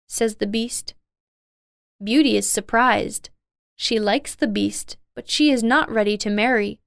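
Female narrator for an easy-reading fairy tale; crisp, dry, deliberate delivery. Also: mid-range voice, dry recording. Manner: slow, plain, simple sentences.

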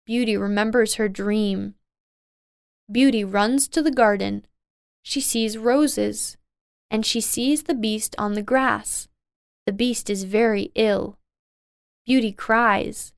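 Clear-voiced woman reading a storybook. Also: medium pitch, no room sound, studio quality. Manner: slow, simple and even. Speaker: reader. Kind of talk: scripted storybook narration.

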